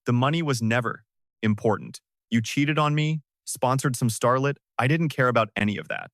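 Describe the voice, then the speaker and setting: A man's voice: mid-range voice, normal speed, fairly bright tone, no room sound, studio quality, close to an everyday voice. A man voicing a desperate wife who accuses her husband through tears. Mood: tearful. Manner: tearful, accusing. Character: desperate wife turned attacker, woman.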